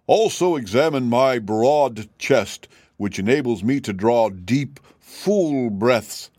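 A man's voice: medium pitch, animated, measured pace, darkish tone, no room sound, studio quality. A man voicing a proud, vain old male cab horse who talks down with lofty pity. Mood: boastful. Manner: boastful, pitying, lofty.

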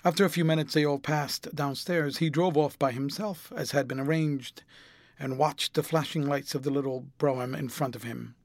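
A man reading a classic novel aloud as an audiobook narrator, in a measured, even way. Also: fairly high pitch, no echo.

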